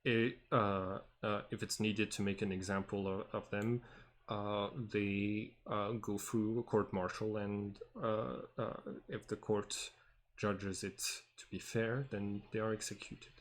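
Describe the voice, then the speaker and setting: Lower-voiced male game master, slow, halting, filler-heavy improv on a call. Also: little pitch movement. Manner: hesitant, halting, many fillers and restarts. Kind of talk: improvised tabletop game narration and in-character talk. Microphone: online voice call.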